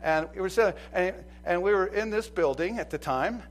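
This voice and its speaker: A man preaching a sermon as pastor, animated, acting out quoted voices and swinging from loud to soft. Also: high-pitched, normal speed, poor audio. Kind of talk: lively sermon.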